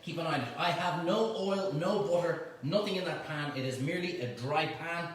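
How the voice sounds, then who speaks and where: A man's voice: fairly high pitch, fairly quick. A middle-aged man with an Irish accent hosts a live cooking demonstration in his home kitchen, talking his viewers through a recipe and teasing his helpers with banter. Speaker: cooking show host. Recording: echoey kitchen, mic at a distance, faint noise.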